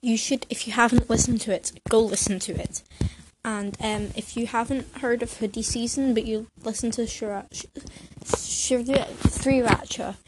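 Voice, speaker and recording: A young female vlogger talks at a moderate pace in a fairly high voice with a steady tone. She rambles casually, hyper and scattered, full of fillers and restarts and a bit out of breath, while sitting on a creaky bed in her bedroom. The home recording is noisy.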